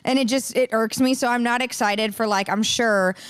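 A woman's voice: a little high, steady tone, moderate pace, clean tone. Chatty, gushing pregnant woman. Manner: chatty, enthusiastic, self-interrupting. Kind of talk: casual chat.

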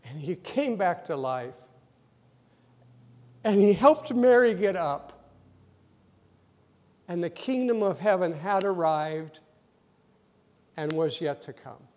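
A male pastor in a church sanctuary, delivering a sermon as a story. His voice sits fairly high, and he acts out the scenes and builds to loud emphasis. Long reverb rings through the big hall around him. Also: expressive, slow, pauses often.

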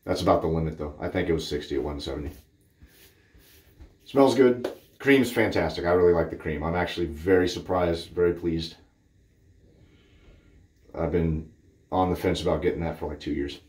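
Speaking at a normal pace with frequent pauses, this Cape Cod, Massachusetts man has a low, slightly mellow voice. He's a shaving vlogger chatting casually in his bathroom, reviewing a shaving product in a blunt, rambling, candid way, with a roomy echo on the recording.

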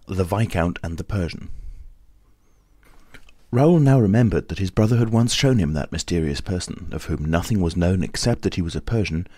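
A man narrating a classic novel as an audiobook in a calm, even way. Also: low-pitched, dry recording, clean studio sound.

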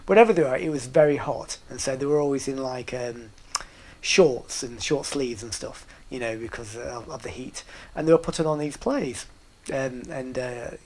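Speaking at a moderate pace in a medium-pitched, darkish voice, a middle-aged man with a northern English accent rambles through a casual anecdote. He hesitates, restarts and leans on fillers, laughing along with his own story.

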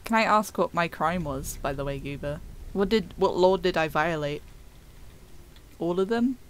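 A woman's voice: on the low side, normal speed. A woman streamer chatting casually over gameplay, giggling often and talking to her chat.

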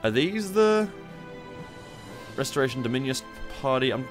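A man's voice: medium pitch, big pitch swings, normal speed, soft background music. A young man hosting a strategy game playthrough, rambling and swearing with mocking asides. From Australia. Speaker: gaming channel host. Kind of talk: casual strategy game commentary.

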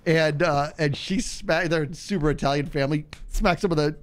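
A man streaming a game, telling a story in a casual way and acting out the people in it with a higher voice, laughing often. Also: normal speed. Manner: animated, acts out quotes in a higher voice, laughs often. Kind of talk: casual storytelling while gaming.

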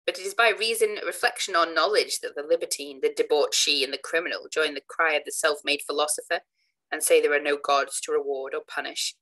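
Woman reading as Smith, a calm cutting debater. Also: low voice, poor audio. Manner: measured, lecturing argument. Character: plain-spoken male skeptic, calm and cutting.

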